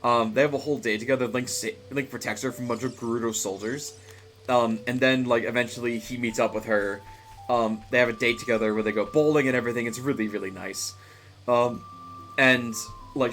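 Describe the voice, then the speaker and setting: Homme bavard qui commente un jeu. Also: male voice, medium pitch, fairly bright tone. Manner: chatty, rambling, laughs often, many fillers. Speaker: game streamer. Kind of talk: casual live-stream commentary.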